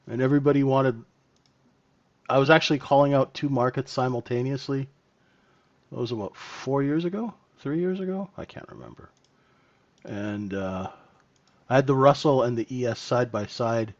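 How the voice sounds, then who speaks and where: A man's voice: medium pitch, darkish tone, no echo, muffled recording. A man hosting a live trading room, talking casually and thinking aloud as he calls futures trades.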